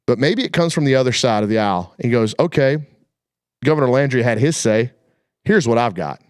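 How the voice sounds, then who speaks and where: A man's voice: medium pitch, lively intonation, brisk, dry recording, studio quality. A man hosting a sports talk show, chatting casually in a folksy, colloquial storytelling way. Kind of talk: casual chat.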